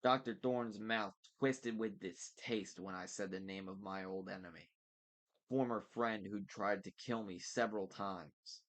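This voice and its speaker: A man with a lowish voice reading a novel aloud at a casual pace. He narrates in a relaxed, unpolished way and restarts lines when he stumbles. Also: measured pace. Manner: relaxed, stops to correct slips. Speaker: book reader.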